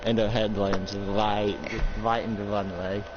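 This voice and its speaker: A man's voice: lowish voice, flat delivery, unhurried. A man narrating an improvised role-play story, rambling with many restarts and "like" fillers. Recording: muffled lo-fi with loud hiss.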